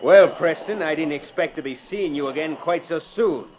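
An actor playing a tough, bossy outlaw gang leader in an old radio drama, gruff and threatening. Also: male voice, a little high, normal speed, a crowd in the background, lightly acted. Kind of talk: 1950s radio drama acting. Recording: dull old radio recording with faint hiss.

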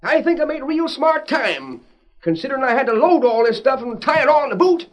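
A man's voice: very high voice, sing-song, brisk. An actor playing a cranky old male wagon driver in a 1940s radio drama, talking in a folksy drawl with country grammar. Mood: defensive. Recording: dull lo-fi old radio recording.

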